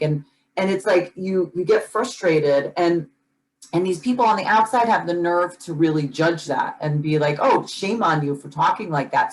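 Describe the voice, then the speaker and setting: This podcast co-host has a voice that sits low, captured in a rough recording. Chatting casually, she talks with earnest passion, restarting and repeating words often as her feelings rise.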